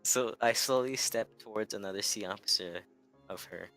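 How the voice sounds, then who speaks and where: Bright-toned man stumbling through a read-aloud. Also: fairly low pitch, normal speed, faint music behind, rough recording. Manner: stumbling over words while reading aloud. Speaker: co-host reading a visual novel. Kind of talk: casual read-along chat.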